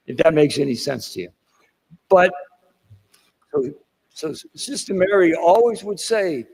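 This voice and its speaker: A man's voice: fairly high pitch, animated, moderate pace, vocal fry, darkish tone, slightly rough, low-quality recording. An older man with a Boston accent gives a rambling motivational keynote, wandering through asides and self-deprecating stories. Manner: digressive storyteller with asides and self-deprecating jokes. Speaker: keynote speaker. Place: conference hall.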